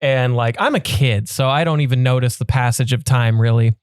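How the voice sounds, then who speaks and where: A man's voice: mid-range voice, brisk, clean tone, no room sound, clean studio sound. A man co-hosting a podcast, telling a story in a laid-back way and laughing as he talks. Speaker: podcast co-host. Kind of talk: casual chat.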